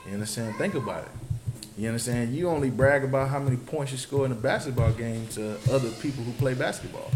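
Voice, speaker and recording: Preaching to a group at a quick pace, this man has a mid-range voice. He leads a scripture study with emphasis, frequently checking that his audience understands. The audio is roomy and noisy.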